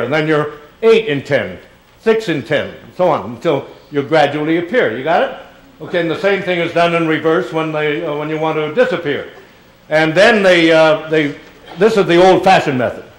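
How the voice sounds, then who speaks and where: The recording is rough, catching a man's fairly high, animated voice at normal speed. He's a guest speaker giving an auditorium talk, answering questions in a chatty, rambling manner and calling audience members "dear."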